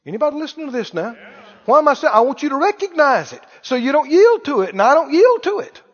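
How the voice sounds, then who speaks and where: Preacher, folksy storyteller, very high animated voice, echoey hall, dull lo-fi recording. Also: male voice, quick pace. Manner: folksy storytelling, acts out dialogue, repeats phrases. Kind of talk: sermon.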